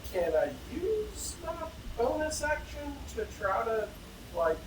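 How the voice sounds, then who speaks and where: A man playing in a tabletop game, talking casually with hesitant pauses. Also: very high-pitched, wildly swooping pitch. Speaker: player. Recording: roomy, distant mic, noise behind.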